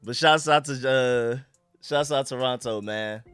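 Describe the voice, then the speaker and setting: A man's voice: mid-range voice, measured pace, smooth, soft background music. Hyped young man streaming sports talk. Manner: hyped, shouts out viewers and donations. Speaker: live stream host. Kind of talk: casual live-stream commentary. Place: home room.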